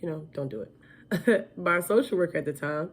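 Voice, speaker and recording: A woman with a low voice tells her own life story in a candid, chatty way. She talks casually, with fillers and false starts, and lets laughter slip in as she goes. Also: normal speed, breathy edge.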